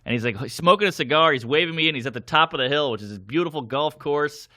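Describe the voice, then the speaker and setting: Bright, animated man telling a story. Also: on the high side, fast, no room sound, clean studio sound. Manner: animated, acts out voices of people in the story. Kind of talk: casual podcast storytelling.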